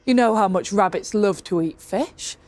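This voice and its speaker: A sly, wheedling woodcarver bluffs and talks fast to cover his tracks, as a woman storyteller puts him on. The voice swings from eager and high to low and hushed. Fast-talking storybook fun. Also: natural voice. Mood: scheming. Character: scheming sly male woodcarver, quick with excuses.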